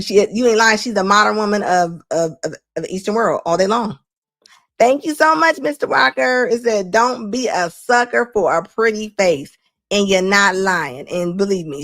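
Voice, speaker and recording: A woman's voice: medium pitch, fairly bright tone, no room sound, clean studio sound. A woman hosting a live stream, giving sassy, laughing reaction commentary. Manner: laughing, sassy, rapid asides.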